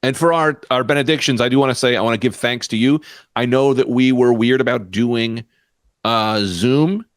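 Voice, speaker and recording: A man co-hosting a comedy podcast over a video call, playful and quick to laugh. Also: mid-range voice, no echo, clean studio sound. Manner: playful, lively, laughs often. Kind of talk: casual comedic chat.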